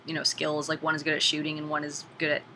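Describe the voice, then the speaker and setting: Chatty animated woman with a bright voice. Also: low-pitched, fast, slight background noise, rough recording. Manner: animated and chatty, swears casually. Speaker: video game reviewer. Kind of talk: casual spoken game review.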